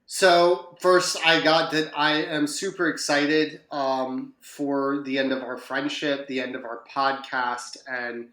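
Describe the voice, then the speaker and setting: A man's voice: mid-range voice, steady tone, slow, hardly any pauses, pushed and bright, roomy sound. A man co-hosting a podcast, chatting casually and rambling through a story with fillers and self-corrections. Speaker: podcast co-host. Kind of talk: casual chat.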